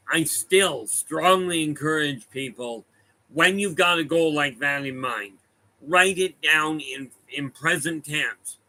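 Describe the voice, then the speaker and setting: A man with a voice on the high side, pushed and bright, comes across on poor audio. As a medium, he tells rambling stories casually to a live room and an online audience, often stopping to correct himself.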